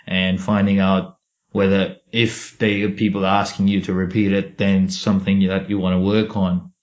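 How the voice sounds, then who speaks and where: A man's voice: low-pitched, level tone, normal speed. A man hosting a podcast interview, asking long, winding questions. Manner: asks long rambling questions. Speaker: podcast host. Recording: dull lo-fi podcast audio.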